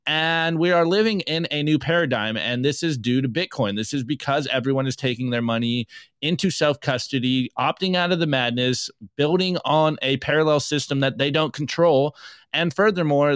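A man's voice: a little high, fairly bright tone, dry recording, clean studio sound. Indignant man talking on a podcast. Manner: emphatic, indignant, many restarts. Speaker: podcast co-host. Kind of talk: casual opinion chat.

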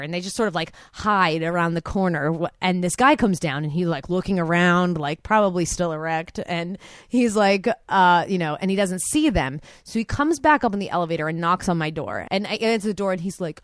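A woman's voice: on the low side, fairly quick, no room sound, clean studio sound. A woman telling a personal anecdote in a chatty way, full of "like" and quoted asides. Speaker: storyteller.

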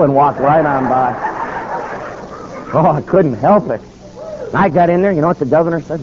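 High-voiced man telling a dramatic story. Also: a little mellow. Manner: dramatic, acts out dialogue with quick voice shifts. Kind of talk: animated sermon storytelling. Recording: dull, slightly lo-fi with faint noise.

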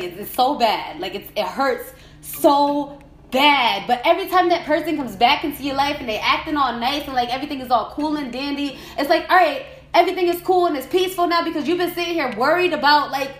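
A woman's voice: sits high, animated, brisk. A young woman hosting her own podcast, venting in an angry rant full of swearing and repeated phrases. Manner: swears constantly, repeats herself, angry ranting. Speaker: podcast host. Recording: echoey room with faint music.

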